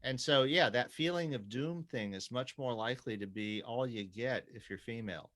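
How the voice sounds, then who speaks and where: Man, middle-aged, casual podcast chat, bright forward tone, animated, swears freely. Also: moderate pace. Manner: animated storyteller, swears freely, jumps to high pitch when quoting others.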